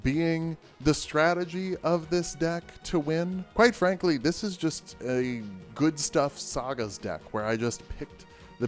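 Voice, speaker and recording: A man casually walking through the cards of a deck, joking and going off on rambling asides, with faint music behind him. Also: a little high. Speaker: deck tech host. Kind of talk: casual card game deck review.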